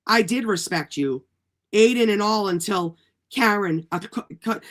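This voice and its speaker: A woman hosting a livestream, ranting in a profane, indignant and rapid way at her critics. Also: mid-range voice, a bit bright. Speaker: livestream host. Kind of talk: heated livestream rant.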